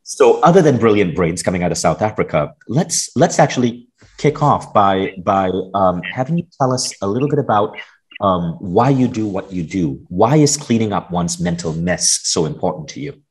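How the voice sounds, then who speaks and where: Deep-voiced enthusiastic male podcast host. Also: lively intonation, moderate pace. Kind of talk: podcast interview.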